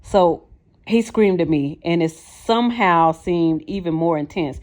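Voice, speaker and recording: Brief: female audiobook narrator, slightly low voice, earnest first-person memoir reading. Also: a little slow, a little mellow.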